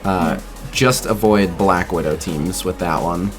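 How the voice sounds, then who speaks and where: A man's voice: deep voice, a little slow, music in the background. A man streaming a mobile game, rambling casually to his chat and a voice-chat guest, swearing freely. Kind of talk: casual live-stream commentary.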